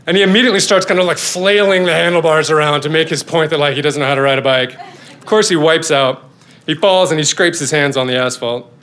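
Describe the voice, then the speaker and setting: Lively, self-mocking storytelling father. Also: a little high, fast. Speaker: father telling a personal story. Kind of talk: live storytelling performance.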